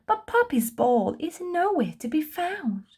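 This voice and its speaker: Slow sing-song woman reading to kids. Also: very high-pitched, sing-song, darkish tone. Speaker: children's book reader. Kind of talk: children's storybook read-aloud.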